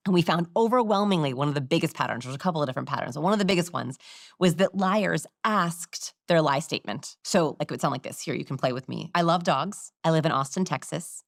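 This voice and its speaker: A confident woman speaks as an interview guest, teaching lively lessons on body language and acting out her own examples. Her voice sits fairly low for a woman. It is recorded close and dry, with no room sound. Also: dry recording. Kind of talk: explaining in a conversational interview.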